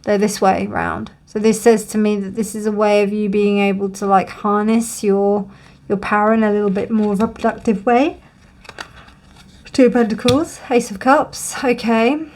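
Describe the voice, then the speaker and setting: A woman's voice: mid-range voice, steady tone, normal speed, darkish tone. A woman giving a tarot card reading to camera, musing and reassuring as she thinks aloud with many fillers and frequent yawns. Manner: yawns often during readings. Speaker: tarot reader.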